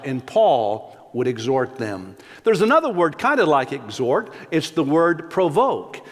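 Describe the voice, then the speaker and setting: Folksy preacher man in a reverberant hall. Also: high voice. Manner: folksy storytelling, repeats words when restarting. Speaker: pastor. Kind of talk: sermon. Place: church sanctuary.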